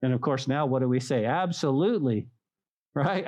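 A man's voice: mid-range voice, normal speed. A man preaching a sermon as a pastor, telling stories and acting out mocking voices. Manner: animated, acts out mocking voices.

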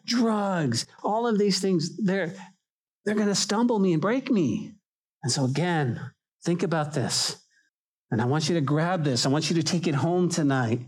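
A middle-aged male pastor preaching a sermon in an animated way, acting out quoted voices and repeating words as he starts sentences. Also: a little high, husky.

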